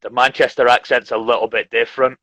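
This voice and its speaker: Bright-voiced man, chatty teacher. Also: medium pitch, fast talker, no echo, highs cut off. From Leeds, England. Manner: relaxed, chatty, laughs often. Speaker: English teacher, host. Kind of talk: casual live-stream chat. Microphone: video call.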